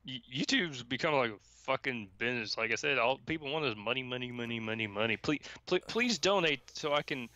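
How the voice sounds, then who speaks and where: A man's voice: medium pitch, lively intonation, brisk, hardly any pauses, pushed and bright, no room sound. A young man in laid-back casual chat on a stream, agreeing and laughing along. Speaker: streamer co-host.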